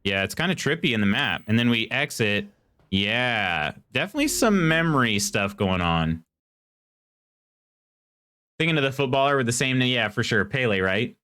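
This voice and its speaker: A man's voice: mid-range voice, lively intonation, normal speed, pushed and bright, clean tone. A man streaming a horror game live, chatting casually with viewers and reading in-game text aloud. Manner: chatty, reads chat aloud and muses while playing. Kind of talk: casual live gameplay commentary.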